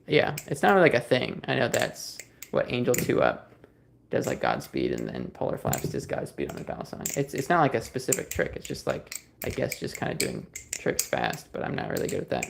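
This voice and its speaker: Man, livestream host, casual chat, gravelly, lively pitch, rambling. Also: fairly quick, slight background noise. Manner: rambling, easygoing, many fillers and restarts. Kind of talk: casual livestream chat, reading viewer comments.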